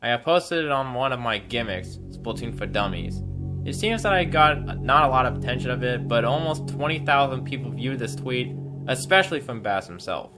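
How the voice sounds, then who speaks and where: A man narrating a commentary video in a measured, accusatory way. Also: medium pitch, lively intonation. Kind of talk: scripted narration. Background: background music.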